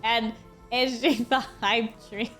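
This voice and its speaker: A high-pitched woman streaming a game, talking in an unhurried drawl that keeps tipping into giggles and sudden squeals as she thanks chat. Soft game music runs faintly underneath her voice. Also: fairly even intonation. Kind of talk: casual live-stream chat.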